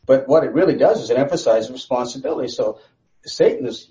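A man's voice: mid-range voice, fast, warm tone. Rambling male Bible teacher, muffled recording. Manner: conversational and rambling, with frequent restarts. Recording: slightly dull lo-fi recording.

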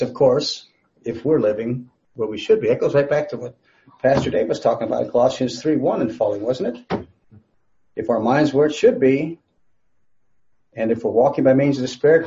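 A man delivers a sermon in a mid-pitched voice, chatting with his congregation through rhetorical questions and light asides. The recording sounds a little dull and muffled. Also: mellow. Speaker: pastor.

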